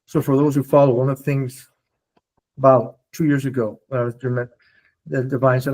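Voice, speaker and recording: A man speaking casually to a support group on a video call, animated and often checking in with his listeners. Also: medium pitch, moderate pace, poor audio. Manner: animated, repeatedly checks in with "okay?". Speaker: near-death experiencer sharing his story.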